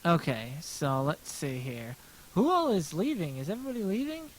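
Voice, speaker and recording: Gentle smooth-voiced American man. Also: on the high side, huge pitch swings, moderate pace, a little hiss or hum, low-quality recording. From United States. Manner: rambling, self-deprecating, answers chat aloud. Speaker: livestreaming artist. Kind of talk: casual livestream chat while drawing.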